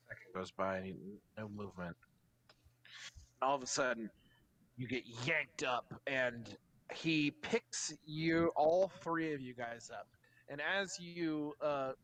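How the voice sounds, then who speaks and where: A man's voice: mid-range voice, a bit bright. A man running a tabletop game as dungeon master, narrating in a hesitant, rambling way.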